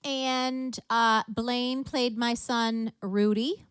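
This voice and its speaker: A woman's voice: on the high side, drawn-out words, smooth, no room sound, studio quality. A woman hosting a live music show, telling funny stories in casual chat. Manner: animated storyteller, laughs often. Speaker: livestream music show host.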